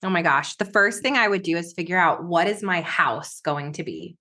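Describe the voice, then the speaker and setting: A woman's voice: fairly low pitch, animated, normal speed, bright, forceful tone. A woman guest on an interview podcast, a business coach telling her story in an emphatic, conversational way with vivid examples.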